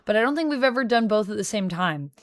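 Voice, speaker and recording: Smooth-voiced young woman streamer chatting. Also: mid-range voice, lively intonation, fast, no room sound. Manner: chatty, talks to chat, thinks aloud. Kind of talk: casual livestream chat.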